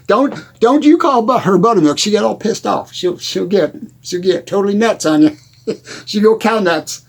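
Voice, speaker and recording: A man's voice: high-pitched, lively intonation, moderate pace, creaky, slightly rough, heavily acted. A man playing a rambling, forgetful country musician with a Texan accent, who keeps laughing and losing his train of thought. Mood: giggly. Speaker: comedy character host. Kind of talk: improvised comedy monologue.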